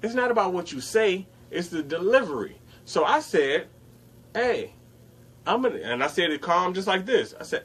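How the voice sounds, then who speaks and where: A man's voice: high-pitched, normal speed, husky. A young man casually telling a story on a talk show and acting out what other people said. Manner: animated retelling, acts out others' lines. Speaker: podcast co-host.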